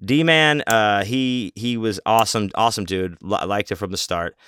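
A man's voice: fairly low pitch, normal speed, fairly bright tone, clean tone. A man hosting a podcast, telling a long story casually in a rambling, profane, self-mocking way. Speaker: podcast host.

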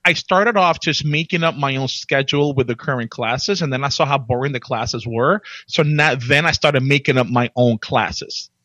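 A man chatting casually as a podcast guest, telling his career story with lots of restarts and animated jumps when he quotes himself. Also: medium pitch, normal speed, hardly any pauses, dry recording, muffled recording.

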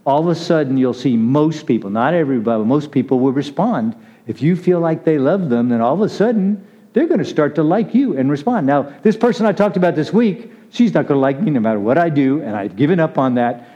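A man's voice: fairly high pitch, expressive, fairly quick, dark tone. A man giving a casual, conversational sermon, chatty and laughing as he calls on listeners by name. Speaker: preacher. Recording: muffled lo-fi recording.

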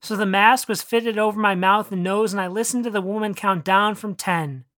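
A narrator reads a first-person story aloud in a measured, earnest way. The voice sits at a middle pitch. The recording is close and completely dry. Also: fairly even intonation, a bit bright, no room sound. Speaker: narrator reading own story. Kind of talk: first-person fiction reading.

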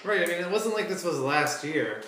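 A man in casual chat, chiming in with relaxed agreement. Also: fairly high pitch, a little fast, echoey room, distant mic, crowd noise. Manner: laid-back, agreeing listener.

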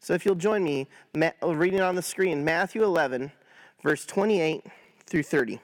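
A man guiding viewers through a scripture meditation, talking to them directly and encouragingly, then slowing into a soft, prayerful reading. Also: on the high side. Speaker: pastor leading a guided prayer.

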